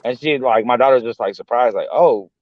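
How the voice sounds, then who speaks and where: A man in his thirties co-hosting a casual show, telling a story in animated, slangy speech with lots of swearing. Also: mid-range voice, a little fast, lo-fi sound, slight background noise. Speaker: podcast co-host.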